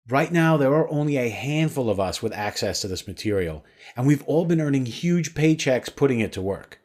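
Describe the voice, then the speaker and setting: Male voice-over, upbeat promo read, animated intonation, scripted. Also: mid-range voice, normal speed. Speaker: sales pitch narrator. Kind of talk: scripted sales webinar voice-over.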